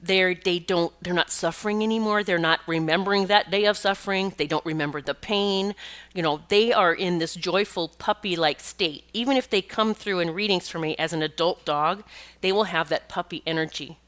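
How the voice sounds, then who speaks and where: A middle-aged woman, a podcast host and pet communicator, rambles chattily through stories, often restarting and laughing now and then. Her voice is fairly low, a bit bright, and moderately paced.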